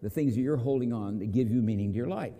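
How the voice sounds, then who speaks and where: A man preaching a sermon, telling a parable and acting out the quoted lines as he goes. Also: fast talker. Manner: storytelling with acted quotes, lively pitch swings. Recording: long hall reverb.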